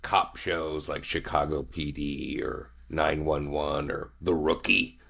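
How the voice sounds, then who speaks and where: A man's voice: very deep voice, steady tone, slow pace, creaky, pushed and bright, breathy edge. A man co-hosting a podcast as a father, making wry jokes in casual chat. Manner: wry, joking asides.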